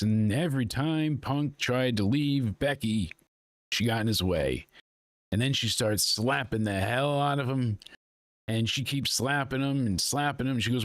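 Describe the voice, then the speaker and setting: A man's voice: mid-range voice, measured pace, no room sound. A man hosting a casual live review, retelling scenes in a loose, chatty way full of "you know" and "he's like". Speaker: wrestling show reviewer, host.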